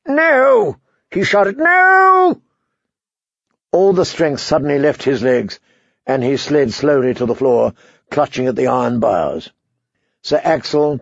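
Man reading an audiobook, measured storytelling, dry close sound, gravelly. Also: medium pitch, a little mellow, no echo, dull audio. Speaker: audiobook narrator. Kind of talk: scripted narration.

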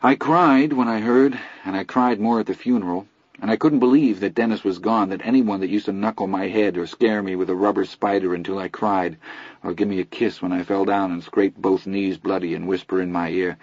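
A man reading a first-person novel aloud in a steady, reflective storytelling manner, in a dull lo-fi recording. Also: low voice, brisk, dry recording. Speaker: audiobook narrator. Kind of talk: first-person literary narration.

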